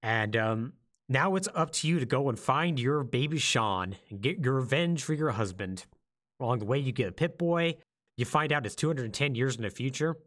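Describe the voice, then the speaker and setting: A man on a casual podcast who swoops up and down as he tells a story. His pitch is mid-range and he jumps into the lines of each character as he goes. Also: moderate pace. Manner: animated storytelling, acts out quotes. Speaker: podcast co-host.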